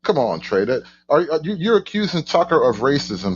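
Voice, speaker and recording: A man's voice: medium pitch, big pitch swings, fairly quick, few pauses, dull audio, a little hiss or hum. A man hosting a casual reaction commentary, stumbling over and repeating his words, with mock outrage and sarcasm. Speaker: host of a political commentary channel.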